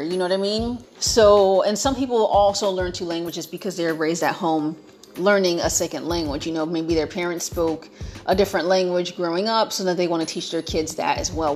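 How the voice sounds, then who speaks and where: A woman's voice: lowish voice, a little mellow. A young American woman chatting to her viewers in a playful, emphatic way, piling up repetitions for effect. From United States. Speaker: vlogger. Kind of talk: casual chat to viewers.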